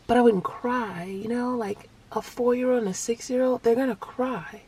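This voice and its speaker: A woman vlogger and single mother, telling a family story in a casual, animated way and sometimes acting out voices. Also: a little high, normal speed, hardly any pauses, breathy edge. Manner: animated, acts out voices, laughs through the telling.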